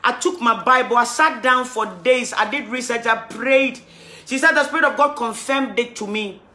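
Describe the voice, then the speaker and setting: A woman preacher giving an impassioned livestreamed sermon, rising to loud exhortation. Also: fairly high pitch, normal speed. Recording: roomy livestream audio, faint music.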